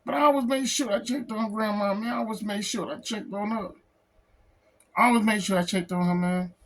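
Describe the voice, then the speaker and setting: A man who is a comic book artist, talking in an emotional personal vlog, close to tears, halting and repeating himself. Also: sits high, steady tone. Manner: halting, repeats phrases, says "man" a lot. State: tearful, close to crying.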